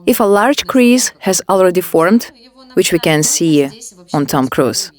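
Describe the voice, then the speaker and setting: A woman demonstrating a facial care technique, giving calm step-by-step instructions. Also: lowish voice, unhurried. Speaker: beauty device instructor.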